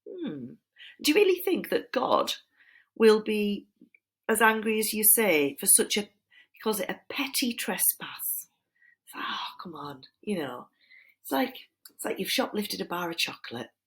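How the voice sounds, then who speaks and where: A woman voicing a sly, flattering male serpent tempter, wheedling and dropping into breathy whispers. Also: mid-range voice, unhurried, voice pushed up. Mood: coaxing. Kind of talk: dramatized reading of a poem.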